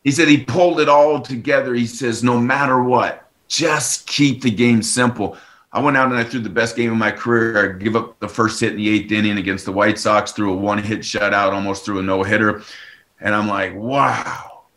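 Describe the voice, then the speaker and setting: A former pitcher in an interview, telling animated stories and acting out the dialogue in them. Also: male voice, fast. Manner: animated storytelling, acts out quoted dialogue. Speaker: former baseball pitcher, author.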